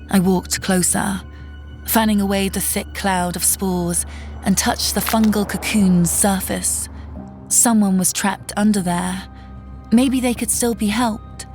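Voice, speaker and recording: A woman tells a first-person horror tale in a tense, measured voice of middling pitch. Soft music runs faintly behind her. The reading is steady and scripted. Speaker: narrator.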